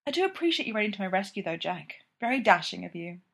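A woman voicing a bold, flirtatious high-society lady detective, playful and teasing in her delivery. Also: big pitch swings, quick pace, gravelly, husky, heavily acted.

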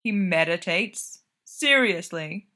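Woman playing an excitable young hockey dude, all exclaiming, easily rattled, bright voice. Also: fairly low pitch, slow pace, full character voice. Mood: awkward. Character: excitable flustered young man, a hockey player.

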